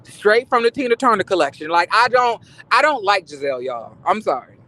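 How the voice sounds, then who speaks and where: A man's voice: sits high, big pitch swings, brisk, bright, forceful tone. A man giving casual, sassy gossip commentary on reality TV, profane and rambling, with many restarts.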